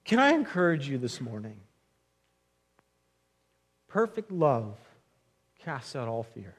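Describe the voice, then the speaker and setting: A man's voice: mid-range voice, big pitch swings, slow. A young man preaching a sermon in an earnest, conversational way, often restarting phrases and speaking directly to his listeners as friends. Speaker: pastor.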